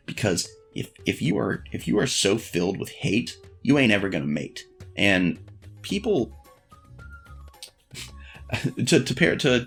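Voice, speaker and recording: A man's voice: on the low side, gravelly, slightly rough. A man vlogging frank dating advice in a blunt, profane, self-deprecating casual monologue.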